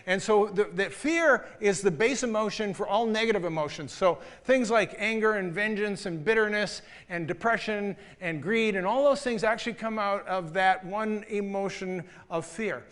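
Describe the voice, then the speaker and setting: A middle-aged pastor preaching a sermon, telling a story with animated delivery and laughing along at it. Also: male voice, high voice, moderate pace, hardly any pauses.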